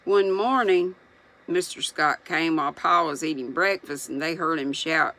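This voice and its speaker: A reader reading a children's novel aloud, unhurried, pausing to muse aloud between passages. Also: mid-range voice, vocal fry, pushed and bright, poor audio.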